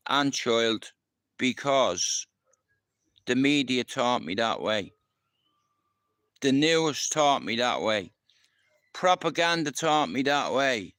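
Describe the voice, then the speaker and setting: Smooth-voiced Irish man, rambling street tales. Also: mid-range voice, fairly bright tone, no echo. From Ireland. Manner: rambling, swears freely, keeps asking if you understand. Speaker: livestream host. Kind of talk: casual storytelling.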